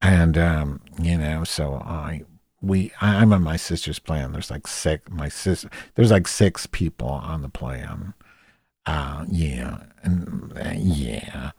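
Deep-voiced guy ranting a funny story, lots of swearing, dry close sound. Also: takes it slowly, darkish tone, husky, no echo. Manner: profane, exasperated storytelling. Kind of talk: comedic rant monologue.

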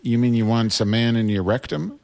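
A man's voice: medium pitch, normal speed, creaky, darkish tone. A man co-hosting a comedy podcast with a dry, sardonic manner. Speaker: podcast co-host. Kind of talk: raunchy comedy banter.

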